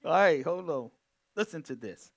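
High, lively, bright-voiced fervent pastor. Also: male voice, moderate pace, gravelly, slightly rough. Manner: fervent, exclaiming and humming between points; calls on the congregation to respond. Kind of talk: sermon.

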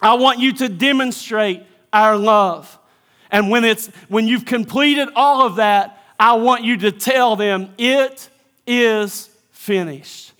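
A male pastor in a dramatic sermon monologue, voicing God the Father as he speaks earnestly to his son and drops to a hushed near-whisper on tender words. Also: high-pitched, measured pace. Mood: tender, solemn.

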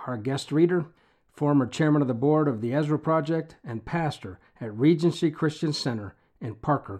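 A man hosting an audio devotional, calmly introducing the day's reading and guest. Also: medium pitch. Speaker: devotional host. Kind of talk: scripted introduction.

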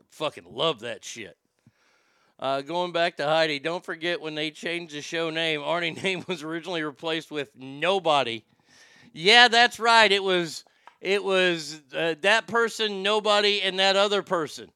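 A man's voice: high-pitched, normal speed, pushed and bright, clear, resonant tone, no room sound, studio quality. A man with a Southern accent hosting a casual talk show, rambling, joking and swearing. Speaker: radio show host.

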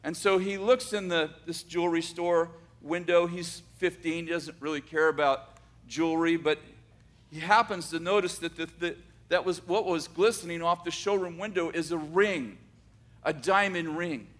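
Guy telling a story out loud, high-ish voice, slow with pauses and restarts. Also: fairly even intonation. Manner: unhurried, with dramatic pauses and restarts. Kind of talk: oral storytelling.

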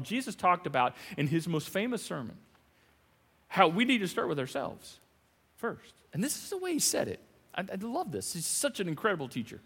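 Man, pastor preaching, bright forceful tone, very lively pitch, dramatic and jokey. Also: normal speed, long pauses, slightly rough, in a large hall. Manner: animated, dramatic swings from loud to hushed; playful, jokey asides. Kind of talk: sermon.

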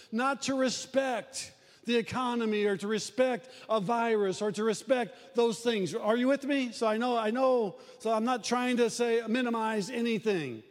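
A man preaching a sermon to a church, animated and acting out the voices he quotes. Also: long reverb tail. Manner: animated preaching, acts out quoted voices, rises and drops in pitch.

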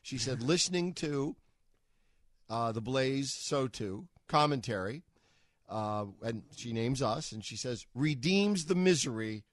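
A man co-hosting a political talk radio show, giving wry, emphatic commentary with quick quips. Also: medium pitch, expressive. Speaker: radio co-host.

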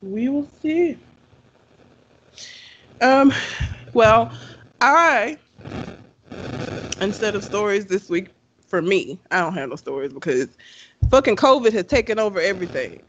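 A laid-back man co-hosting a podcast with a notably high voice. He chats loosely, agrees readily and breaks into laughter between remarks. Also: expressive, a little slow, pauses often, fairly bright tone, highs cut off, a little hiss or hum. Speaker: podcast co-host. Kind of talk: casual chat.

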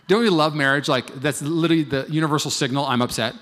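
A man's voice: on the high side, fast talker, few pauses, fairly bright tone. A man in his thirties preaching a sermon, telling a marriage story and acting out both sides of it. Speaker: pastor. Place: large church hall. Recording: long hall reverb.

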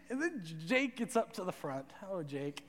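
A young man preaching to a youth audience, telling a story in a lively, conversational way and often checking in with "right?". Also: high voice, moderate pace. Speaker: youth pastor. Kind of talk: sermon with storytelling. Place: large hall with audience. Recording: reverberant hall.

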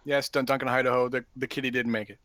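A man in casual chat who reacts to a story with quick, joking remarks. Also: medium pitch, little pitch movement, a bit bright, dry recording, clean studio sound.

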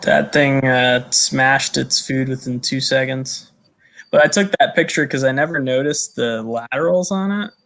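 A man's voice: medium pitch, a little slow, a bit bright. A man chatting casually as a podcast guest, rambling with lots of "you know" and "uh". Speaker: podcast guest, snake keeper. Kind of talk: casual chat.

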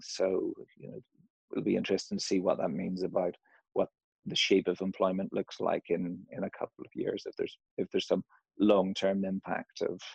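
With a deep, creaky, slightly mellow and breathy voice, a middle-aged Northern Irish man, his accent a little Americanized, speaks casually in an interview. He is hesitant, restarting often and using many fillers. The audio is dull, without echo.

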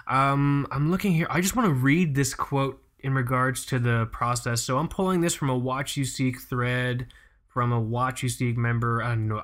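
A young man from the United States hosting a podcast, telling stories in a loose, profane, animated way with frequent laughs. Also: mid-range voice. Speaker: podcast host. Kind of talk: casual chat.

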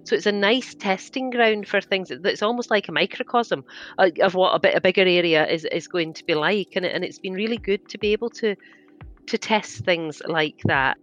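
A woman answering interview questions in a thoughtful, measured way. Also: mid-range voice, a bit bright, low-quality recording. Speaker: interview guest.

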